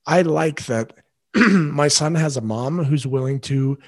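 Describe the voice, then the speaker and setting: A man's voice: fairly high pitch, slow, no room sound. A man hosting a parenting podcast alone, talking earnestly and directly to his listeners. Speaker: father. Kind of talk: solo podcast monologue.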